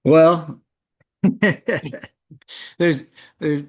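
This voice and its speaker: Animated male track coach talking shop. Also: extremely slow. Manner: animated, frequent restarts, jumps in pitch when emphatic. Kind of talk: conversational interview answers.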